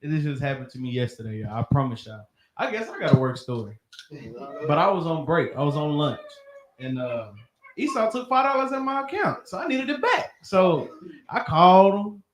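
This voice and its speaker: A man with a Southern US accent telling an animated work story in a group class, acting out what people said. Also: fairly high pitch, moderate pace, echoey room, noisy background. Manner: animated, acts out quotes. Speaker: class member. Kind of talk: casual storytelling.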